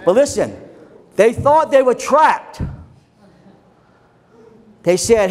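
A pastor preaching an impassioned sermon, dropping to low murmurs and then rising to shouts, leading the congregation in call and response. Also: male voice, very animated, slow, long pauses.

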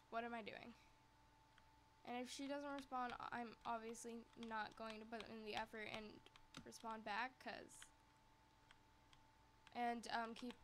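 A woman vlogger tells a storytime and reads texts aloud. Her voice sits fairly high, and she talks in a chatty, sassy manner that flares into heat. A faint hiss of noise runs underneath. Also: a bit bright. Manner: chatty, sassy, quick to get heated. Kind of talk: storytime chat reading text messages.

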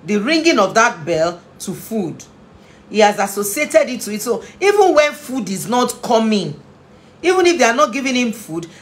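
A woman speaking to parents with earnest, pleading conviction, at a medium pitch. She leans on repetition to drive each point home. Her emotion runs close to the surface. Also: a little hiss or hum. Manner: earnest, repeats phrases for emphasis. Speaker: family therapist and inspirational speaker. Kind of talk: impassioned parenting talk.

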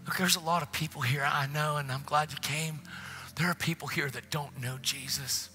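A man preaching a passionate sermon in a church, often dropping into hushed whispers. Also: fairly high pitch, steady tone, normal speed, faint music behind. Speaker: guest preacher. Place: church, faint music behind.

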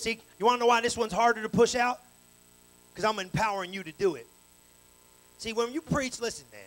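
High-voiced preaching pastor, man. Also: fairly quick, rough recording. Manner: animated, preaching in street slang with call-and-response. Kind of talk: sermon. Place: church sanctuary.

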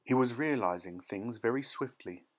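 A man narrating an audiobook short story in a soft, gentle dramatic reading style. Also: mid-range voice, normal speed. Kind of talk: scripted narration.

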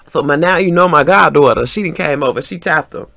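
A middle-aged woman, telling a story in an animated vlog storytime, acting out what people said and laughing often. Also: low voice, brisk, gravelly, slight background noise. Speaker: vlogger.

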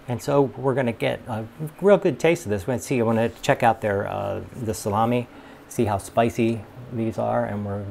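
A man's voice: mid-range voice, gravelly, darkish tone. A man from New York hosting a casual food review, chatty and rambling with many fillers. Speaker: host. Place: pizza restaurant in a city. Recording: noisy city background.

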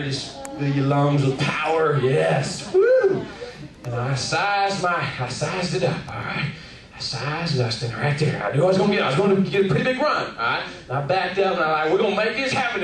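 Man, motivational speaker, energetic, lively pitch, long reverb, distant mic. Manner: energetic, pulls in the crowd. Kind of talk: keynote speech with storytelling. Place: large hall with an audience. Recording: echoey hall, distant mic.

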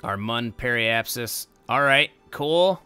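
A young man commentating a game he is playing, his voice very bright and smooth. He talks casually and gets excitable, breaking into loud exclamations, with faint game music underneath. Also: mid-range voice, slow, dry recording. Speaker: gameplay commentator. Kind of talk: casual let's-play commentary.

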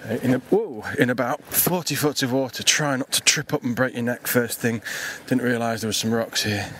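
A man's voice: medium pitch, brisk, fairly bright tone. A man hosting a fishing podcast, talking casually and a bit out of breath as he scrambles over rocks, with plenty of ums and self-deprecating asides. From England. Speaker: podcast host. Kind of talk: casual outdoor fishing commentary. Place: rocky coast outdoors at dawn. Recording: outdoor recording with clear background noise.

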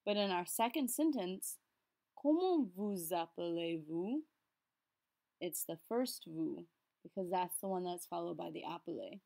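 A woman giving a French lesson to her class. She is upbeat and encouraging, and slows right down to sound out each French word clearly. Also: lowish voice, a little mellow. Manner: patient, slows down to enunciate French words. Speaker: French teacher.

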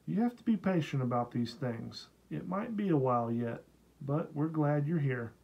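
A man voicing a calm, experienced grandmother acting as midwife, soothing and gently teasing. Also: a little high, moderate pace, vocal fry, slightly rough, lo-fi sound, heavily acted. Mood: reassuring.

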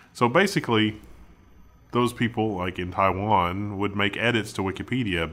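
A man's voice: lowish voice, fairly bright tone. A man co-hosting a tech news show, reading headlines and adding dry, wry remarks. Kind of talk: reading headlines, then commenting.

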